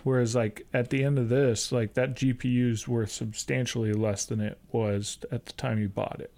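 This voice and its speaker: A man's voice: mid-range voice, level tone, moderate pace, creaky, a little mellow. A man co-hosting a podcast, talking casually and hesitantly with many fillers and restarts. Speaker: podcast co-host. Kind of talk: casual chat.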